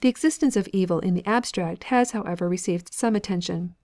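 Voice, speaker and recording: A woman's voice: lowish voice, fairly quick, a little mellow. Woman steadily reading nonfiction aloud. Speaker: audiobook narrator. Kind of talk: scripted narration.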